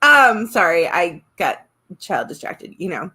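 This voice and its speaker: A woman co-hosting a podcast who tells stories in an animated, sarcastic way and giggles often. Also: lowish voice, a little slow, slightly rough. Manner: animated storyteller, self-described sarcastic, giggly. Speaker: podcast co-host. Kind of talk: casual podcast chat.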